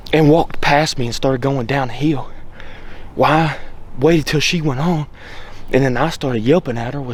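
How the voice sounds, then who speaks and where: A man, talking to viewers in a casual, folksy and excitable way as he films his own hunt outdoors on a mountain. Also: medium pitch. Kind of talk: casual outdoor vlog talk. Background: faint wind and outdoor ambience.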